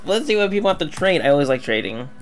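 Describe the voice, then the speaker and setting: A young man giving casual, rambling commentary over a retro game, swinging from mumbling asides to loud excited outbursts. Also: fairly high pitch, fast talker, soft background music. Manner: rambling, excitable, yelps and laughs when the game goes wrong. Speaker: gaming video creator.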